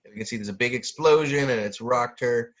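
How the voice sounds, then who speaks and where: A man's voice: mid-range voice, brisk, a bit bright. Rambling man with a dull lo-fi sound. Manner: rambling, many fillers, laughs often, mimics sound effects. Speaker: podcast co-host. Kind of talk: casual chat.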